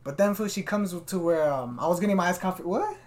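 A man with a high voice and a quick pace hosts a casual podcast, swapping stories in a relaxed, slang-heavy way. "Fool" is his go-to word throughout.

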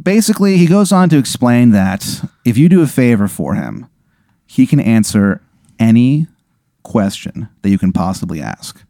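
A male podcast host telling an improvised comedic story, animated and full of fillers and swearing. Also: medium pitch, normal speed, no room sound, clean studio sound.

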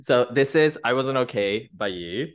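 A man hosting a casual podcast, running a game segment with teasing, bossy instructions. His voice sits at an ordinary middle pitch. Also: animated, moderate pace, smooth. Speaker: podcast host. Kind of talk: playful casual interview.

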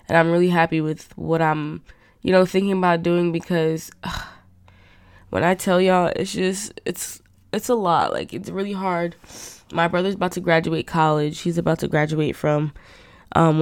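Young woman with a gravelly fry. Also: low voice, no echo, clean studio sound. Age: young adult. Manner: candid, rambling, heavy on fillers like "like" and "um". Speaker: podcast host. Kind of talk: casual solo podcast chat.

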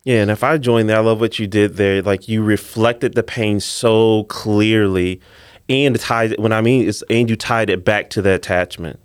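A man's voice: lowish voice, fairly even intonation, moderate pace, smooth, no echo, clean studio sound. A man co-hosting a podcast, enthusiastically recapping what the guest just did. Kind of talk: interview commentary.

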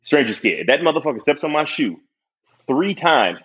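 A young man tells a profane story in loose, laughing podcast chat. His voice is a little husky and swings widely in pitch. The recording sounds dull and lo-fi. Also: normal speed. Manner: profane, animated, laughs often.

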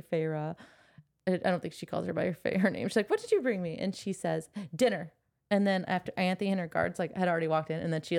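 A woman's voice: fairly low pitch, creaky. A young woman co-hosting a casual book podcast, retelling the story with laughs and playful swearing. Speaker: podcast co-host.

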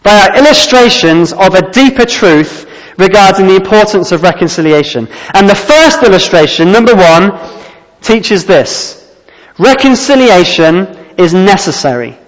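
A man's voice: high voice, animated, normal speed, big-room sound, rough recording. A man preaching a sermon, earnest and emphatic, repeating his key phrases.

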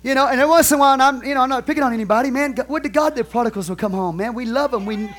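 A middle-aged man preaching with fervent conviction, driving his points home through repetition. His voice sits notably high for a man. He speaks as a pastor addressing his congregation. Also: rapid-fire, fairly bright tone. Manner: fervent, emphatic preaching with repeated phrases. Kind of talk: sermon.

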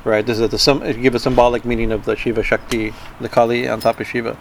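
A man giving an informal talk on Tantra philosophy. He speaks haltingly, repeats words and keeps asking "right?". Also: medium pitch, little pitch movement, creaky, a little hiss or hum, rough recording. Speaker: spiritual teacher.

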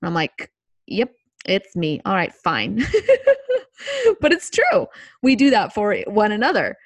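A woman co-hosting a podcast, talking in a reflective, measured way and quoting snippets of past conversations. Her voice has a medium pitch. The recording is dry and close, with no room sound. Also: sing-song, no echo. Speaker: podcast co-host. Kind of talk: casual podcast chat.

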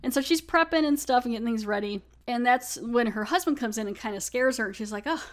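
A woman's voice: fairly high pitch, a little fast. A young adult woman hosting a podcast, casually recapping an episode in a chatty way full of "like" and laughter. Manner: chatty, laughs, many "like" fillers. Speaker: podcast host.

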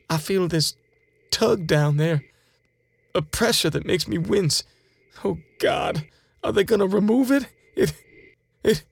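Brief: male actor as a gravelly, frightened abductee; slightly high voice, dry close recording. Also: no room sound, heavily acted. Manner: shaken, pleading first-person retelling. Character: terrified man recounting an alien examination. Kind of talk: dramatized first-person account.

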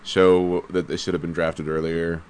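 A man with a low, resonant voice chats casually about sports, laying out his opinions in a measured way while hedging and circling back with fillers. His tone stays clean, smooth and level, a little mellow.

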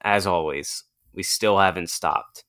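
A man co-hosting a podcast, talking in a tired, deadpan, rambling way. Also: low voice, a little slow. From Virginia. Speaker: podcast co-host. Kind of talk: casual chat.

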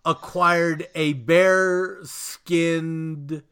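A man's voice: fairly high pitch, steady tone, drawn-out words, fairly bright tone, clean tone. A man co-hosting a casual podcast, telling rambling stories and swearing freely. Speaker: podcast co-host.

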